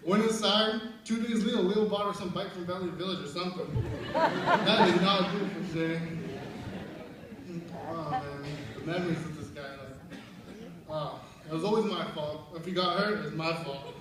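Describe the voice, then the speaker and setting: A man's voice: sits high, moderate pace. A young man telling stories at a memorial service, laughing often and acting out what people said. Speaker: eulogy speaker at a memorial service. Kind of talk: storytelling remembrance. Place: large room at a memorial service. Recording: very echoey hall, far from the mic, background noise.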